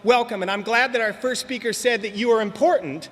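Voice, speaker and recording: Man, middle-aged, from Southern California, candid, joking storyteller, recovery meeting speaker, lively talk, high voice. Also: brisk, in a large hall. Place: meeting hall.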